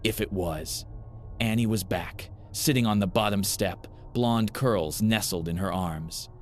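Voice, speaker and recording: Deep-voiced man narrating a horror story. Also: faint music behind. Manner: grim, measured storytelling.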